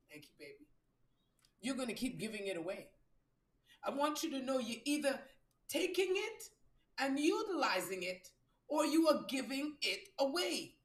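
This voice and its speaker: A woman whose voice sits high hosts a live stream as a spiritual reader. Her motivational talk is profane and blunt, with phrases repeated for emphasis, and the recording has a roomy echo.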